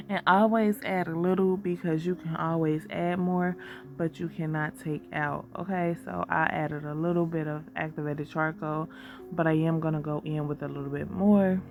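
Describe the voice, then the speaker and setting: A woman's voice: deep voice, fairly even intonation, normal speed, vocal fry. A woman with a scratchy voice, getting over a cold, chatting casually as she demonstrates soap making and calls viewers y'all. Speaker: soap maker and shop owner. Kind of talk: casual how-to narration. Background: background music.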